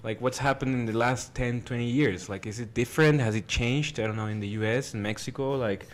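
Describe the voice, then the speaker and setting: A man's voice: mid-range voice, brisk. A man moderating a panel, asking a long, hesitant question full of restarts.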